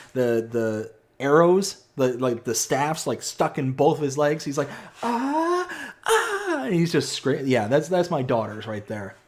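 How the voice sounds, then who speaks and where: Chatty excitable man streaming a game. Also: mid-range voice. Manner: chatty, excitable, reads chat aloud. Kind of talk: live stream chat while playing.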